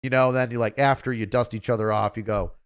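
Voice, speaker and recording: Male stream host, smooth voice, rambly and offhand, mid-pitched. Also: fairly even intonation, fast. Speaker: livestream host. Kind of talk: casual livestream chat.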